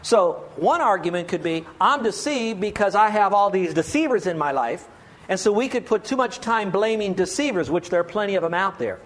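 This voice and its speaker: A man preaching a sermon with a voice pitched high for a man. He pleads earnestly with his congregation. He keeps asking rhetorical questions. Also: expressive, fairly quick. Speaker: pastor.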